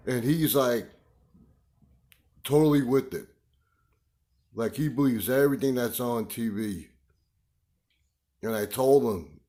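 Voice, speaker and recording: A man's voice: medium pitch, dark tone. Older man rambling through a story. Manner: rambling, halting with fillers. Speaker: vlogger. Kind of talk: casual storytelling monologue.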